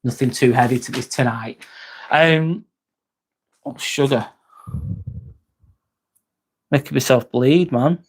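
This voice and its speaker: A man's voice: medium pitch, takes it slowly, pauses often, husky. A man with an East Lancashire accent hosting a casual live chat, laid-back and chummy, calling everyone mate and swearing freely. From Northwest England. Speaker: livestream host. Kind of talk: casual live chat, reading viewer comments.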